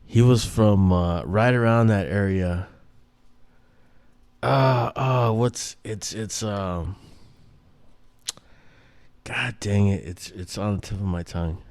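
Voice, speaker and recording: A man's voice: fairly low pitch, slow, long pauses, a little mellow, no echo. A man hosting a casual, rambling monologue, swearing and restarting his sentences often. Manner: rambling, profane, many restarts and fillers. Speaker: host.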